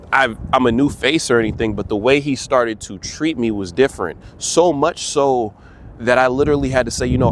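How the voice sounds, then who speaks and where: A man's voice: medium pitch, a little hiss or hum. Earnest young man talking outdoors. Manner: earnest, talks to viewers as "bro". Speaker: vlogger. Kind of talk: casual motivational talk to camera.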